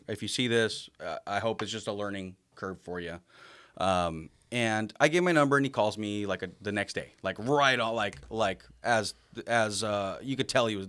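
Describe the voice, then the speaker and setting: A man co-hosting a podcast, telling stories in casual chat, acting out quotes and swearing freely. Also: lowish voice. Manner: animated storytelling, swearing, acts out quotes. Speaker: podcast co-host.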